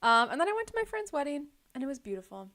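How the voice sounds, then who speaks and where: A chatty young woman co-hosting a casual podcast. Her voice sits a little high, and her talk runs loose and rambling, full of likes and ums. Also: very animated, racing, a bit bright. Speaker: podcast co-host. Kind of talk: casual chat.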